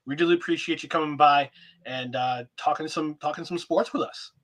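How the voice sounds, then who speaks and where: A man hosts a sports podcast in a relaxed, friendly chat. His voice sits a bit high and sounds bright, and he pauses and hesitates often. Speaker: podcast host.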